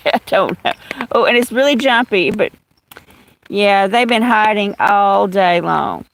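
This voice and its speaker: A woman's voice: mid-range voice, takes it slowly, a little hiss or hum, rough recording. A woman from Louisiana with a Southern accent, chatting casually on a livestream, greeting viewers by name while holding her phone under an umbrella outdoors in the rain. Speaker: livestream host. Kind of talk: casual live chat with viewers. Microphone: phone held in hand.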